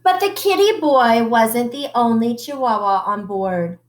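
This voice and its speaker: A woman teacher reading a picture book aloud to children, expressive and stopping to ask them questions. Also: fairly high pitch, a little slow.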